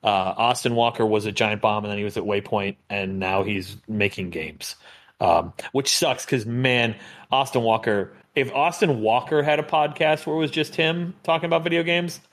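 A man co-hosting a podcast in casual chat, easygoing and quick to agree. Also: medium pitch, a bit bright. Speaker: podcast co-host.

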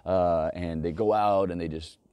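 A man hosting a casual podcast conversation, animated and acting out other people's voices. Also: low voice, moderate pace, clear, resonant tone, no echo, muffled recording. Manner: frequent restarts and "you know". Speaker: podcast host.

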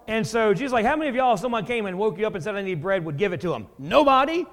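A man's voice: sits high, animated, fast, a bit bright, long reverb tail. A man preaching a sermon in a folksy, joking, conversational way. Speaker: pastor.

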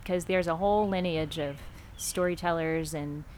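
A woman's voice: deep voice, fairly even intonation, normal speed, a little mellow, slight background noise. A woman hosting a podcast who talks casually and reflectively, teasing her mother at times. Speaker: podcast host. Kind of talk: casual chat.

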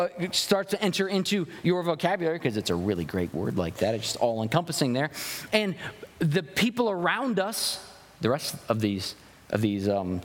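A young man preaching a sermon as pastor, earnest and full of rhetorical questions, often restarting his phrases. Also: high-pitched. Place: church sanctuary. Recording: long hall reverb.

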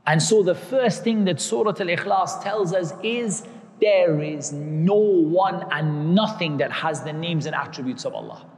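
A man's voice: a little high, measured pace, in a large hall. A man giving a religious lecture, explaining terms patiently and repeating key words. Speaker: Islamic teacher.

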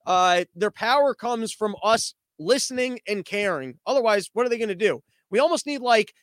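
A man's voice: high voice, animated, moderate pace, few pauses, fairly bright tone, no echo. A man hosting a comedic news show from his living room, ranting sarcastically with lots of swearing and exasperated rhetorical questions.

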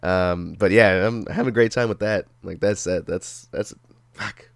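A man's voice: fairly low pitch, fairly even intonation, a little slow, gravelly, dry recording, clean studio sound. A young man with the flu, chatting on a podcast in a laid-back way, swearing often and breaking into laughs. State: sick, with a flu. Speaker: podcast co-host. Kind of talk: casual chat.

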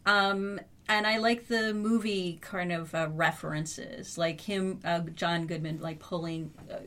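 Low-voiced woman chatting about films. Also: fairly even intonation, fairly bright tone. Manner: halting, many restarts and fillers. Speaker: guest. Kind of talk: casual film discussion.

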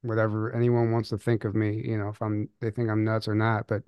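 Halting, laughing storyteller man, dry sound. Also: on the low side, completely flat delivery, clear, resonant tone, dry recording, lo-fi sound. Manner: halting, with restarts and nervous laughs. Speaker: podcast co-host. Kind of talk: casual storytelling chat.

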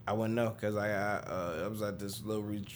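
A young man from Detroit with a low voice tells rambling, slangy stories in a relaxed chat. A faint rumble sits under the recording. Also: fast talker. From Detroit, Michigan. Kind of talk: casual chat.

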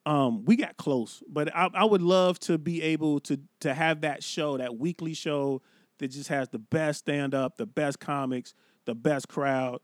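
A man's voice: fairly high pitch, a little slow, no room sound, studio quality. A man telling stories about his start in stand-up comedy, casual and profane in podcast chat. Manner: profane, loose storytelling. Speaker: comedian guest.

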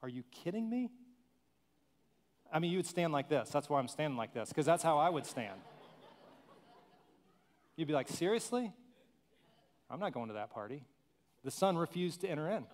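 A male pastor preaching a conversational sermon, animated, with humorous asides and acted-out quotes. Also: on the high side.

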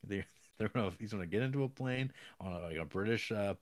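A man with a very low voice talks through a film's plot in a loose, rambling podcast chat. He keeps slipping into quick acted-out quotes between fillers. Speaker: podcast co-host. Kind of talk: casual film discussion.

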